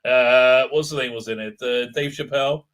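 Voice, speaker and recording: A middle-aged man hosting a casual livestream, reading chat aloud, rambling and excitable with many fillers and frequent laughs. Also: mid-range voice, moderate pace.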